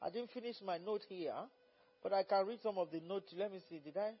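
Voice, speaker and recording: High-voiced man preaching fervently, lo-fi. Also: a little fast, husky. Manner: fervent, repeats phrases, rises to loud exhortation. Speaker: pastor leading a Bible study. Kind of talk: preaching Bible teaching. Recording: dull lo-fi recording.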